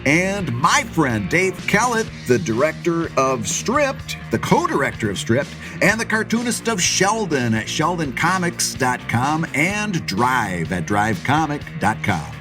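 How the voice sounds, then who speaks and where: A man's voice: a little high, big pitch swings, measured pace, hardly any pauses, music in the background. A man co-hosting a podcast, chatting in an upbeat, joking way. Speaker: podcast co-host. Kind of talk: casual chat.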